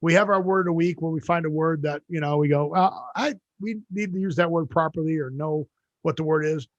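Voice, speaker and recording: A man hosts a casual online chat show, joking around and needling his co-host. His voice sits high for a man. The sound is dry and close, as on a video call. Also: brisk, dry recording, highs cut off. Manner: joking, teasing, playful. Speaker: podcast host.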